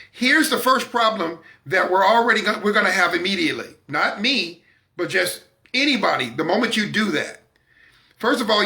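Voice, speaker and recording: An emphatic man delivers a preaching-style talk on his own broadcast. His voice sits high and sounds very bright, with a gravelly catch in it. He talks with firm confidence and circles back on key words for stress. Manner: repeats words when stressing a point. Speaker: broadcast host.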